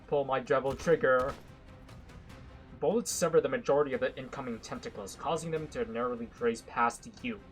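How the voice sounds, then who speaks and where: A man reading a visual novel aloud with dramatic narration, broken by excitable, joking asides. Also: medium pitch, brisk, soft background music, poor audio. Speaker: gaming content creator.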